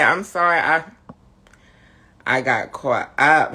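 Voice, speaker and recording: A camp, sassy host drawling through a casual live-stream chat, tired and low on energy. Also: male voice, a little slow, sharp tone.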